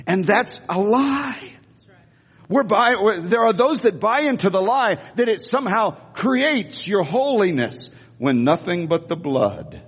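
An older American man, a pastor, preaching an animated sermon and calling on the congregation to repeat after him. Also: sits high, slightly rough, big-room sound. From United States. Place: church sanctuary.

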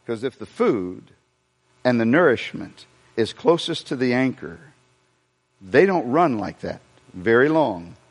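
A man's voice: medium pitch, a little slow, long pauses, slightly rough. A man preaching a sermon to a congregation, joking and asking the room questions as he goes. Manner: animated preaching with humor and asides to the congregation. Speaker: pastor. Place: church sanctuary before a congregation. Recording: long hall reverb.

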